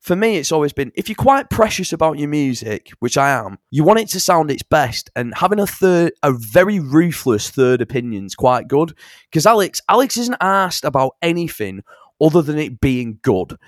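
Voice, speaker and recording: A young man, telling stories in a casual interview about songwriting, animated and sweary. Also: a little high, normal speed, no room sound, studio quality. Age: young adult. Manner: animated storyteller, swears, fond of impressions. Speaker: songwriter and musician.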